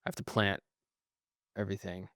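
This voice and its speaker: A tired young man co-hosting a podcast, telling long, profane, rambling stories and trailing off quietly at the ends of phrases. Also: on the low side, little pitch movement, normal speed, no room sound, studio quality. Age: young adult. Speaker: podcast co-host. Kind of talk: casual chat.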